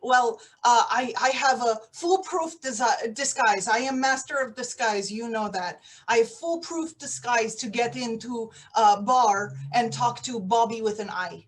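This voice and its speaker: A woman's voice: on the high side, unhurried, hardly any pauses, natural voice. Woman doing a bumbling Russian spy. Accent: put-on Russian. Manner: broken grammar, flustered, self-correcting. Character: bumbling female Russian undercover agent. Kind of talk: improvised comedy acting.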